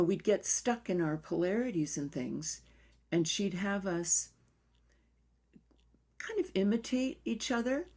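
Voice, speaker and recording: An older woman dance therapist telling stories in an interview in a reflective, unhurried way, sometimes dropping to a near whisper. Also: fairly low pitch, a little mellow.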